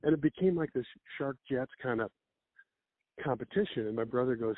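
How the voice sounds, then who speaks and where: A man's voice: mid-range voice, a little fast, no room sound. A man, a comedian guest, telling rambling stories in a casual chat with laughs and acted-out quotes. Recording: phone-like narrow band.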